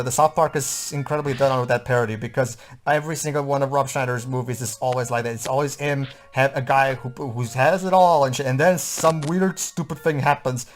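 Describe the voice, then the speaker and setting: A man playing a puzzle game, rambling jokily through his commentary with lots of filler words. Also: fairly high pitch. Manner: rambling, many fillers and restarts, jokey. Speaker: player of a let's play. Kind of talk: let's play commentary chat.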